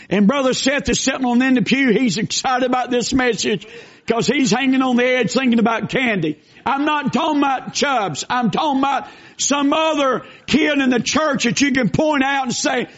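An older man delivers a sermon in a strikingly high voice. He swings between shouted exhortation and folksy storytelling. The recording is dull and lo-fi. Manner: preaching with shouted bursts and folksy asides. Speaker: pastor. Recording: dull lo-fi sound.

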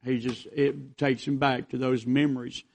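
A man preaches a revival sermon, rambling through stories in a folksy way. His voice has a rough, gravelly edge and stays fairly level in pitch. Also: level tone, moderate pace, a little mellow. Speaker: visiting preacher.

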